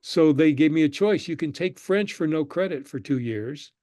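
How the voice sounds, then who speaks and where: An older man, a guest on an interview show, telling relaxed stories about his past and acting out the people he quotes. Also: on the high side, moderate pace, no echo. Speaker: guest, screenwriter and professor. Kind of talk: conversational interview storytelling.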